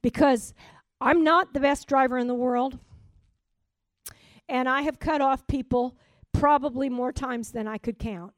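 A woman preaching a sermon, swinging from loud emphatic declarations to soft, almost whispered asides. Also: high voice, measured pace, long pauses, no echo.

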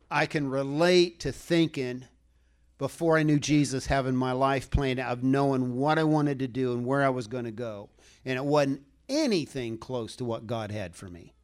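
Folksy rambling male preacher. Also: mid-range voice. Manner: folksy, rambling, chuckles often, asks for a show of hands. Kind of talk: sermon.

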